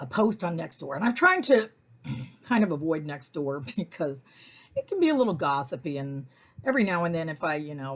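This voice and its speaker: A middle-aged woman telling personal stories in a casual, chatty way, often acting out what people said in high voices. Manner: chatty, animated, acts out quotes in high voices. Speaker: weekly message host.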